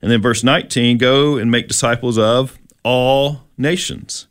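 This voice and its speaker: A man co-hosting a conversational Bible-teaching talk, reading verses slowly and chatting in a relaxed way. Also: medium pitch, no room sound, clean studio sound. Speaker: co-host.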